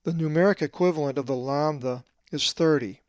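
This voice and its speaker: A man who translates the Bible, giving a scripted lesson on Greek pronunciation and slowly drawing out each example word. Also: a little high, darkish tone, no echo. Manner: methodical, drawn-out slow stress on Greek words.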